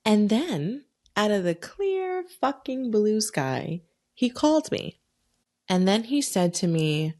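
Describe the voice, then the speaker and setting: A young adult woman hosting a solo podcast, telling a personal story in a frank, profane, animated way. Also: mid-range voice, slow. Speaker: podcast host.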